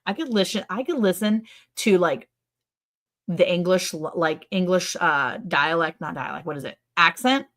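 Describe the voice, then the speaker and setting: A middle-aged woman hosting a casual livestream chat. She is chatty, quick to laugh, and fills her talk with "like". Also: fairly low pitch, a bit bright. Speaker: ranch channel host.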